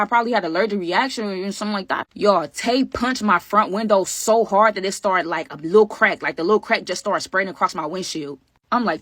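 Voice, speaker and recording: A woman rattles through a dramatic storytime at a quick clip, speaking straight to her viewers in loose slang and slipping into the voices of the people in the story. Her voice sits at an ordinary middle pitch, and the recording is close and dry with no room sound. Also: no echo. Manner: animated, slangy, talks straight to viewers as y'all; acts out other people's lines mid-story. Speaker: vlogger telling a storytime. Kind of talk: casual storytime vlog.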